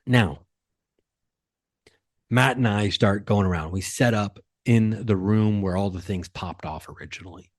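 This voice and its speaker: Low-voiced man telling an excited story. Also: no room sound, studio quality. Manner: excitable, animated retelling with quick bursts. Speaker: podcast host and comedian. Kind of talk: casual storytelling.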